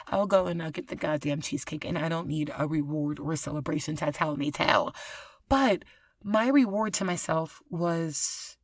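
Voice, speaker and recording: A woman hosting a casual solo podcast, talking to her listeners in an animated, profane way and laughing often. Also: fairly low pitch, no echo. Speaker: podcast host.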